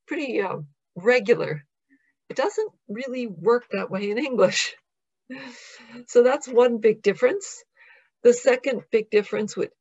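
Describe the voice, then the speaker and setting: An American woman lectures in a calm, measured way, explaining carefully and slowing down to read example words aloud. Her voice sits in an ordinary middle range. The recording sounds dull and lo-fi. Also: medium pitch. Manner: measured, explanatory, reads out word examples slowly. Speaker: professor presenting.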